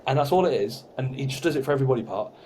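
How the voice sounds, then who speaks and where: A young man, co-hosting a podcast in casual, animated chat with some swearing. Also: mid-range voice, rapid-fire, slight background noise. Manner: chatty, swearing, animated storytelling. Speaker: podcast co-host.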